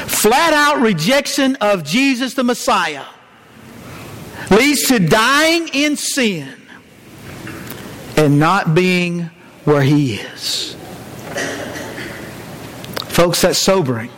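Pastor, male, very high voice, earnest sermon delivery, faint room ambience. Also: expressive, a bit bright, a little hiss or hum. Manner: earnest preaching, drops low and slow for emphasis.

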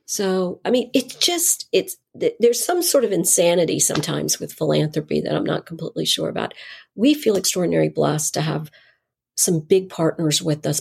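A woman's voice: low voice, gravelly, darkish tone, slightly rough. A middle-aged woman, a nonprofit founder, telling stories in an interview and animatedly acting out the dialogue in her anecdotes. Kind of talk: conversational storytelling.

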